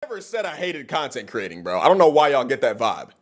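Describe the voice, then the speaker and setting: A man's voice: medium pitch, fast. A man making a heated, profane monologue video, ranting to the camera as a content creator. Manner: heated, profane, animated rant.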